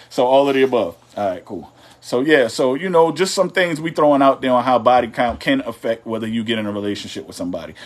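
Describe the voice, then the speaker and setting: Male co-host of a live couples chat show, middle-pitched, easygoing and teasing. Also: expressive, fast. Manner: loose, drawling, teasing and conversational. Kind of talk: casual live-stream chat.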